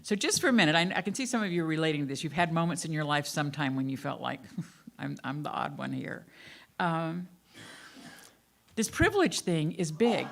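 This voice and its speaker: An older woman minister with a faded Southern accent, giving a candid, self-deprecating sermon about her own life to her congregation. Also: lowish voice. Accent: Southern American, faded. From American South. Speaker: guest minister. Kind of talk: sermon with personal storytelling. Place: church sanctuary.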